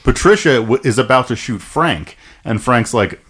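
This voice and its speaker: A man on a casual movie podcast who recaps the plot with jokes and casual swearing. His voice swings up and down in a lively way, from a middle pitch. He talks loosely and often restarts his lines. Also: normal speed, husky. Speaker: podcast co-host.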